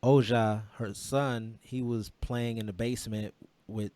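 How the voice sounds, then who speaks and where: A man's voice: mid-range voice, steady tone, measured pace, warm tone, no echo. A man co-hosting a podcast, retelling a story in casual chat with many quoted exchanges and restarts. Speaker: podcast co-host.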